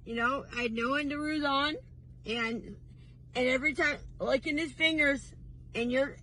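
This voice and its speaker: A woman's voice: high-pitched, fairly even intonation, normal speed, sharp tone, low-quality recording. A woman in a car pulled over, talking to camera in a rambling, laughing, defiant confessional rant. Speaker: vlogger.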